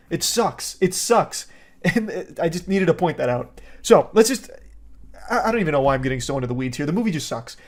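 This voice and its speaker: A man's voice: on the high side, lively intonation, moderate pace. Exasperated sarcastic man ranting. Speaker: online movie reviewer. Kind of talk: casual ranting commentary.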